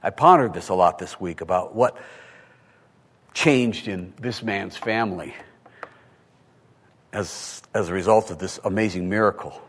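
Animated preacher in a reverberant hall. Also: male voice, sits low, a little slow, long pauses. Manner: animated, rhetorical questions, swings from hushed to loud. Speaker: pastor. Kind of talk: sermon.

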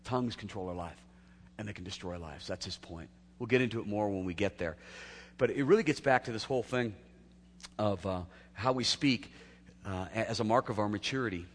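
A man's voice: lowish voice, a little fast. Man preaching in a reverberant hall. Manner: conversational preaching with acted quotes and laughs. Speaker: pastor. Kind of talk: sermon.

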